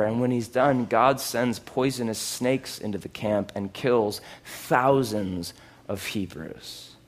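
A pastor with a medium-pitched voice preaches an animated sermon, moving between loud exclamations and hushed asides, with sarcastic, self-mocking humor.

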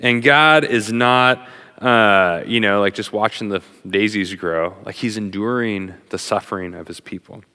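Middle-aged guy preaching, chatty and animated, bright forceful voice, big echoey church hall. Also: lowish voice, measured pace, smooth. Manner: animated, conversational preaching with many fillers. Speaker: pastor. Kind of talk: sermon. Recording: long hall reverb.

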